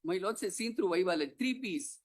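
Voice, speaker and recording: Forceful advocate. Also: mid-range voice, animated, fast talker. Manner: forceful, rhetorical questions, repeats "my lords". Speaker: advocate arguing in court. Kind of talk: formal courtroom argument.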